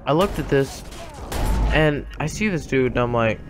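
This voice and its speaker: A man's voice: mid-range voice, expressive, moderate pace, music in the background. A man telling a dramatic story in a casual, slangy way, with comic asides. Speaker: gaming YouTuber.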